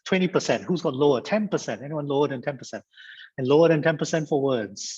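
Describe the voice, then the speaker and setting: A man's voice: a little high, quick pace, slightly rough, lo-fi sound. A man from Singapore giving an interactive online lecture as a guest speaker, repeating phrases and joking like an auctioneer. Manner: lively, repeats phrases, auctioneer-style banter. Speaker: guest speaker at a mediation training. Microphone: video call.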